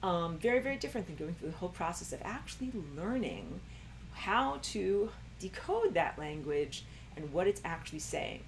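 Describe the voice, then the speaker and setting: A woman's voice: lowish voice, very animated, moderate pace, a little hiss or hum. A woman teaching a recorded online lecture, rambling with many fillers and jumping into a raised voice when she acts out quoted thoughts. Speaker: spiritual teacher.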